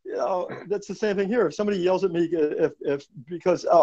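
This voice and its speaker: A man's voice: sits high, fast talker, few pauses, a little mellow. A middle-aged man hosting a casual podcast conversation about martial arts, telling stories and acting out jokes. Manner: storytelling, acts out joke voices. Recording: dull lo-fi podcast audio.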